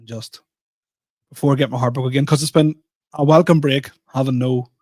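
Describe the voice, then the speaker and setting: A man's voice: mid-range voice, fairly even intonation, a little fast, a little mellow, no room sound. A man co-hosting a comedy podcast, telling self-deprecating stories with frequent laughter. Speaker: podcast co-host and stand-up comedian. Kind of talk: casual chat.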